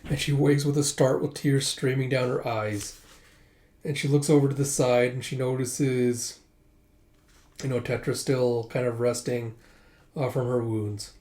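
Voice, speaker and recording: A man's voice: medium pitch, level tone, unhurried, darkish tone. A man casually reading through a manga volume, retelling each scene with "he's like" and "she's like.". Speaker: manga reviewer.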